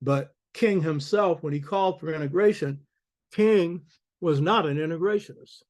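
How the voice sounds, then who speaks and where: A man's voice: a little high, moderate pace, a little mellow. An older man giving a public lecture in an emphatic, preacherly way, often checking in with the audience. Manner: preacherly, emphatic, calls out "you hear me?".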